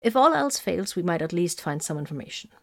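A woman's voice: on the low side, sing-song, brisk, exaggerated voice. Woman voicing a shaken, weak-voiced human man. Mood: wry. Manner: weak, smooth.

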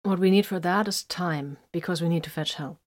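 A woman's voice: fairly low pitch, fairly quick, natural voice. Woman doing a tense armored psyker warrior. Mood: grim. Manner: quiet, clipped, then bursts into roaring. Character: intense male space marine psyker, tightly strung.

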